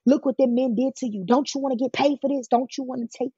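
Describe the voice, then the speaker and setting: A woman's voice: mid-range voice, level tone, quick pace, dark tone, breathy edge, no room sound, dull audio, natural voice. A woman voicing a manipulative male pimp as she retells his words in a pressing, persuasive way. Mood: coaxing, manipulative. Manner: pressing, persuasive quoted speech.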